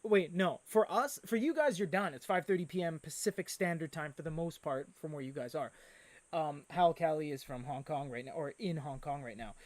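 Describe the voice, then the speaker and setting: Chatty man with a high voice. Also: a little fast, no echo. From Canada. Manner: chatty, reads viewer comments aloud, excitable. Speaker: livestream host. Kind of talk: casual live-stream chat.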